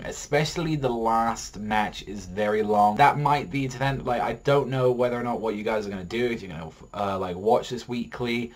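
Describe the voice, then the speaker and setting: A man reviewing an anime episode in a rambling, excitable way, swearing a lot and filling his talk with "like". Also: fairly low pitch, normal speed, few pauses.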